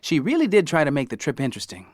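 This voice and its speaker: A man narrating an audiobook in the first person, with an expressive, wry storytelling manner. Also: a little high, rapid-fire, no echo, studio quality.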